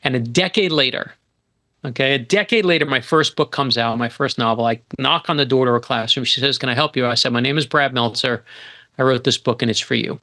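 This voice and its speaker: Telling a story as a podcast guest, the middle-aged New York author is animated and emphatic and keeps restarting his sentences. His mid-range voice moves briskly.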